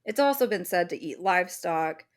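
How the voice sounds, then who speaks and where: A woman co-hosting a podcast, presenting the episode's topic in casual chat, animated and swearing freely. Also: fairly low pitch, normal speed. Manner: animated, swears freely, acts out little voices.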